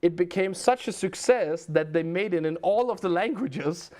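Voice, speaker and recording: A man's voice: high voice, moderate pace, darkish tone. A man from Denmark with a Danish accent, a livestream host telling rambling stories and answering chat questions in casual chat.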